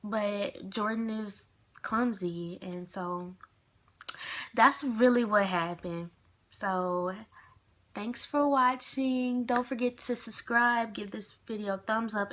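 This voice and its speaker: Slow-talking young woman vlogger. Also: mid-range voice, fairly even intonation, a bit bright. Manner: chatty, rambling, lots of fillers. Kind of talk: casual storytime vlog.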